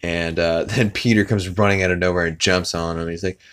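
A man's voice: sits low, steady tone, fairly quick, fairly bright tone, clean tone. A man hosting a podcast, casually retelling a cartoon episode in a rambling way, with lots of fillers and laughing along. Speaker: podcast host.

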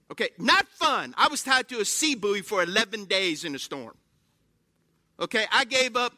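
In a studio-quality recording with no room sound, a high-pitched man delivers a sermon. He animates his stories with acted-out exclamations and keeps asking the congregation questions.

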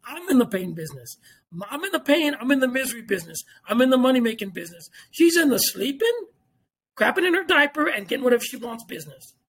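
A man's voice: very high-pitched, very animated, quick pace, a bit bright, slightly rough. A man, talking as a podcast guest in casual chat, emphatic, repeating himself and swearing freely.

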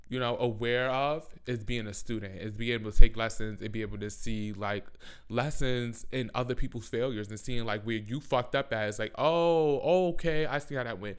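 A man's voice: lowish voice, a little fast, clear, resonant tone. Sassy, foul-mouthed man ranting. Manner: sassy, profane, animated, slangy. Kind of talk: casual rant.

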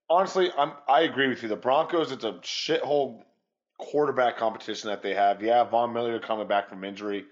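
A man's voice: mid-range voice, brisk, dull audio. A man co-hosting a sports podcast, chatting loosely and casually with occasional swearing. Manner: loose and profane, rambling. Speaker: podcast co-host.

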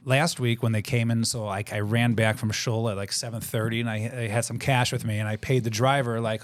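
A man's voice: medium pitch, flat delivery, brisk, hardly any pauses, no echo. A man co-hosting a casual chat podcast, rambling and full of fillers. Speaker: podcast co-host.

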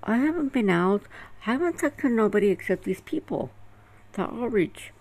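Gravelly woman, rambling and profane. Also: fairly high pitch, animated, normal speed, darkish tone, poor audio. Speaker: vlogger telling a personal story. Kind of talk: casual storytelling.

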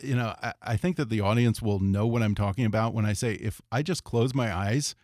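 A man hosting an interview, easygoing, laughing often and agreeing with quick yeahs. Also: on the low side, a little mellow, no echo, studio quality. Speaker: interview host. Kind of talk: casual interview chat.

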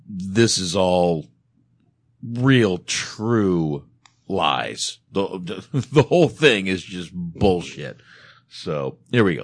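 A man hosting a film podcast in an animated, casual way, laughing and swearing as he talks. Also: low voice, dry recording, clean studio sound. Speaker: podcast host reviewing a film. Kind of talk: casual chat.

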